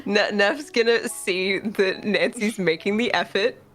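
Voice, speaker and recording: A woman's voice: mid-range voice, unhurried, a bit bright. A woman playing a tabletop game, narrating her character's actions with laughter. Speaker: player.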